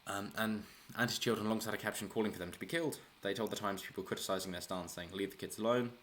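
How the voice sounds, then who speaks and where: A man talks through political news in a loose, rambling way, restarting sentences and chuckling as he goes. His voice sits very low. A faint hiss of noise runs behind the recording. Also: fairly even intonation, quick pace, a bit bright. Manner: rambling, frequent restarts, chuckles while talking. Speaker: political commentary channel host. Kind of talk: casual solo commentary.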